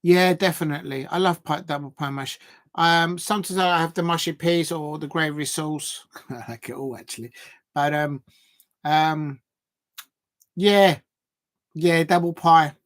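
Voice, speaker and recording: A man's voice: on the high side, fairly even intonation, measured pace, a bit bright. A man, hosting a football livestream and chatting casually with viewers, rambling and thinking aloud with plenty of fillers. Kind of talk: casual live chat reacting to viewers.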